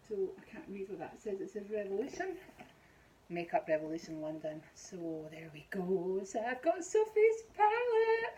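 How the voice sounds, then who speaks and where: A middle-aged woman with a Scottish accent chats loosely through a makeup unboxing, rambling and filling pauses with ums. Her voice is soft and mellow. A faint hiss sits under the recording. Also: medium pitch, poor audio. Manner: chatty and rambling, with many ums. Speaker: beauty vlogger. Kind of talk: casual unboxing chat.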